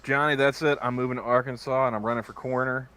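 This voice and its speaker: A man's voice: medium pitch, steady tone, fast, sharp tone, clean tone. A man joining a casual podcast chat as a guest, trading wisecracks and jokey asides.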